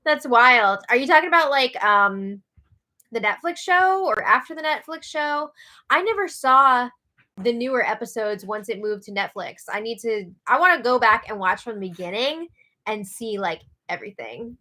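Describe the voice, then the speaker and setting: Woman, American, bright tone, chatty, excitable, laughs often, casual live-stream chat. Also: a little high, moderate pace. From United States.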